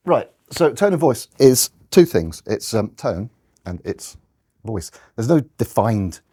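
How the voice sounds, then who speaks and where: A man's voice: lowish voice, sing-song, slow pace, mellow, breathy edge. A man giving a conversational slide talk to an audience, often restarting and correcting himself. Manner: rambling, restarts, self-corrections.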